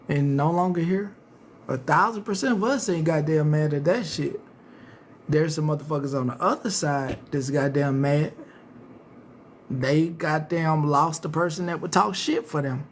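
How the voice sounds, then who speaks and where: A man's voice: fairly high pitch, slight background noise. Profane, ranting male stream host. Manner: cursing heavily, taunting viewers directly; rambling with many restarts. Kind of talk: casual profane live-stream rant.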